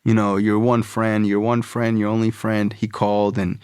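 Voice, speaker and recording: A man's voice: on the low side, little pitch movement, normal speed, darkish tone, clear, resonant tone, no room sound, clean studio sound, lightly acted. Cagey churchy dad dodging the question, brushing it off as his son quotes him. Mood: evasive. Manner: dismissive, churchy, evasive. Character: evasive older father, pious and cagey.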